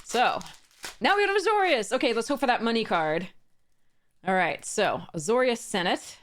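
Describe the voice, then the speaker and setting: A woman's voice: fairly high pitch, lively intonation, moderate pace, fairly bright tone. A woman hosting a casual box-opening video, reading card text aloud, chuckling often and restarting her sentences. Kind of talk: casual unboxing narration.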